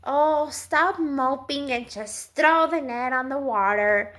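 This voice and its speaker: Woman doing an exasperated nagging preacher, slow and scolding. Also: high-pitched, fairly bright tone.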